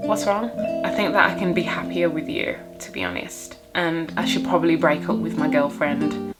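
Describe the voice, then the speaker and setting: A young woman vlogger chatting casually to her viewers, telling a dating story and acting out her own reactions with lively exclamations. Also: deep voice, moderate pace, loud music behind the voice.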